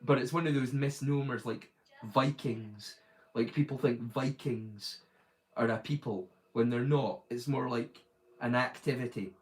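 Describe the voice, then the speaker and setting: A man's voice: medium pitch, fairly even intonation, a little slow, poor audio. A man hosting a live stream, chatting casually and rambling, with lots of "like" fillers and restarts. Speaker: streamer, host.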